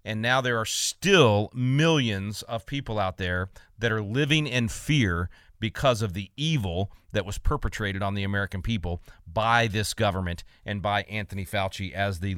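A man from Texas hosting a talk radio show, talking fast and emphatically with frequent repeated words. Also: on the low side, a bit bright, dry recording, studio quality.

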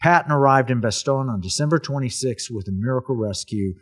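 A man's voice: medium pitch, brisk, breathy edge. A man hosting a casual talk, telling a history story in an earnest, emphatic way.

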